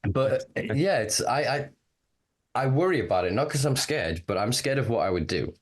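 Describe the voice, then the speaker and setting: A man hosting a podcast, talking candidly in a casual, animated way and swearing freely. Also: medium pitch, normal speed. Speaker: podcast host. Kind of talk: casual conversation.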